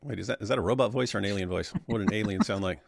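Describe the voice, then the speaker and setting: A man's voice: lowish voice, very fast, creaky, no room sound, clean studio sound. A middle-aged man hosting a casual live stream, blunt and sarcastic as he reads viewer comments. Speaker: livestream host.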